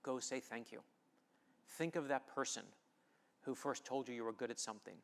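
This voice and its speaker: A middle-aged man giving an inspirational storytelling speech at a festival, emphatic and animated as he acts out conversations. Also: medium pitch, moderate pace. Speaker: author giving a festival talk. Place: festival stage before an audience.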